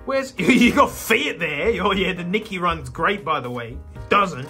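An excitable Australian man talks casually, laughing often, with a very lively, up-and-down voice. His tone is bright and forceful. There is faint music playing behind him. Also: sits high, unhurried, few pauses. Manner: laughing, excitable, jokey asides. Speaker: YouTube host. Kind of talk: casual commentary while flipping through an old car magazine.

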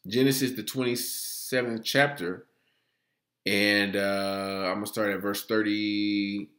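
A man's voice: lowish voice, flat delivery, takes it slowly, a bit bright, reverberant. A man preaching and teaching from scripture, filling almost every phrase with "all right" and often stammering and restarting. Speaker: religious teacher.

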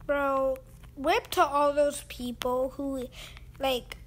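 High-pitched young woman ranting slowly. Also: little pitch movement, a little hiss or hum. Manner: ranting, repetitive, exasperated. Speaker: gaming YouTuber. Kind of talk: casual gameplay commentary.

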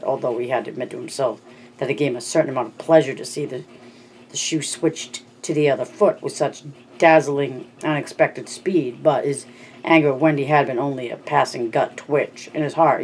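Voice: medium pitch, a little hiss or hum, rough recording. A narrator reading a novel aloud as an amateur audiobook, with frequent slips and restarts.

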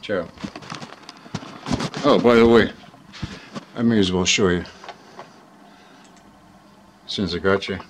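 This man speaks low and slowly, pausing often, as he delivers a heated, profane vlog rant that rambles casually and keeps checking in with "right?" The footage comes from a handheld phone, with a rough recording and a bit of background noise.

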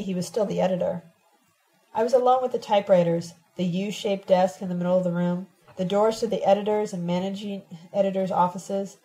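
A woman narrating a novel told in letters, reading in a steady, measured first-person voice. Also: mid-range voice, low-quality recording. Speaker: audiobook reader.

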